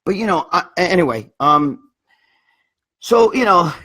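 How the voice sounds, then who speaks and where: Husky, profane New man. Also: high voice, expressive, unhurried, pushed and bright. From New York. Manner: profane, rambling, blunt. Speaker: livestream host. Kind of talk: casual livestream chat.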